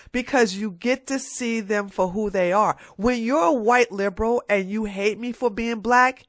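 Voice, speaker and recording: A woman's voice: on the high side, no echo, studio quality. A woman giving a ranting political commentary on her vlog, emphatic and mocking, hammering her points home by repeating them.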